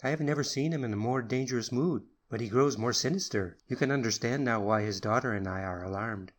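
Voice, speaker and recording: A man's voice: fairly quick, close to an everyday voice. A man voicing an anxious young secretary in an audiobook, earnest, apologetic and nervous. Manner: nervous and earnest, higher pitched. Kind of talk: audiobook character reading.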